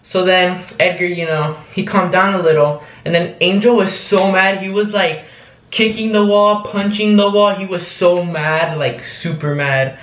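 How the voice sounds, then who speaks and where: A man's voice: high voice, steady tone, unhurried, fairly bright tone, roomy sound, poor audio. A young man recounting a story in a rambling, casual vlog, full of "like" and "um". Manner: rambling, lots of "like" and "um". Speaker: vlogger.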